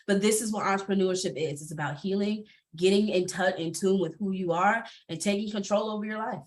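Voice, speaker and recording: A woman speaking candidly on a panel, expressive, laughing often, her pitch jumping when she gets animated. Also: fairly quick. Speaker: panelist entrepreneur.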